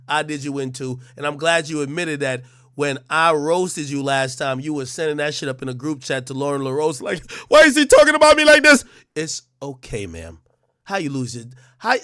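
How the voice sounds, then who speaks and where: A brash man with a bright, forceful, fairly high voice rants a mocking roast, tripping over stammered restarts. The sound is close and dry. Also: no room sound. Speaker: livestream host. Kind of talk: ranting roast monologue.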